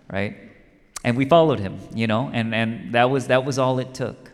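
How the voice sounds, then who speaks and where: A male pastor delivers a sermon in a conversational style, telling a story and repeating key lines for emphasis. His voice sits at a medium pitch and moves at a normal speed. The recording carries the long reverb of a large hall.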